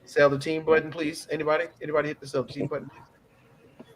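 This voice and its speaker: A fairly high-pitched man hosting a casual sports chat, playful and quick to hype things up. He talks loosely and jokes with his friends as he makes his picks. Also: little pitch movement, a little hiss or hum. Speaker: host.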